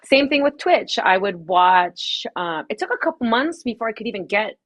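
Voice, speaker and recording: A woman from Los Angeles talks quickly and casually as a guest on a podcast. She laughs often and swears freely as she chats about her work as a DJ and streamer. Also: medium pitch, sing-song, fairly bright tone.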